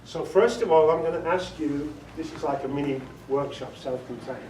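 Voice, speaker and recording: Pitched somewhat high and moving at a moderate pace, this British audiobook director gives a casual workshop talk, bantering with and quizzing the few people gathered in a meeting room. His voice sounds distant in an echoey space with slight background noise.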